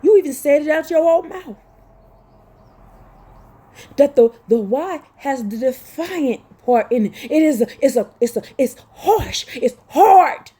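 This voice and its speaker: A woman's voice: high voice, animated, measured pace, dark tone. A woman preaching a fervent, scolding sermon, reading scripture aloud and crying out as she repeats her phrases. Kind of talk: impassioned street-style sermon with scripture reading.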